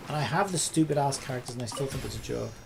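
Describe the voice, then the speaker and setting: A man's voice: medium pitch, racing, creaky, noisy background. A man streaming a game, ranting at it in sarcastic, profane commentary.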